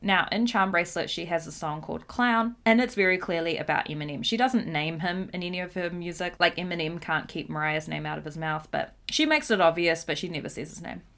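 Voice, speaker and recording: Giggly, low-pitched woman gossiping casually. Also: a little fast, hardly any pauses, a bit bright. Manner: chatty, giggly, swears casually. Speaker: host. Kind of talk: casual pop-culture commentary.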